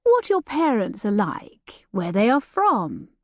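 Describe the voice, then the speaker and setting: A woman voicing a grieving older earl who speaks softly, slowly and earnestly. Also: mid-range voice, sing-song, no echo, studio quality, exaggerated voice. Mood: gentle. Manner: soft, slow and solicitous.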